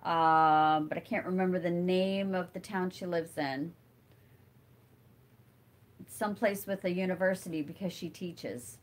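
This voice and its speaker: A woman's voice: on the low side, fairly even intonation, unhurried. A middle-aged woman hosting a casual livestream, chatting with viewers and answering comments while she crafts, rambling and thinking aloud with lots of fillers. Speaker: livestream host.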